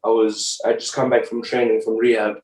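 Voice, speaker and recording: A young man from Zimbabwe tells a story on a podcast, rambling and peppering his talk with "like" and "bro". His voice sits low with little rise and fall. He sounds distant from the mic in an echoey room. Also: level tone, a little fast, darkish tone. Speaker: rugby player, podcast guest. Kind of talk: casual storytelling.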